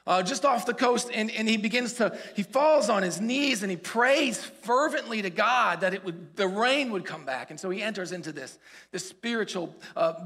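A man preaching a sermon, retelling a story with animated, acted-out quotes. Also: sits high. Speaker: pastor. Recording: long hall reverb.

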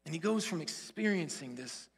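Guy preaching, high-ish bright voice, bit husky, hall echo all around. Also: moderate pace. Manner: animated storytelling, acts out quoted lines. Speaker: pastor. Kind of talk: sermon. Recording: long hall reverb.

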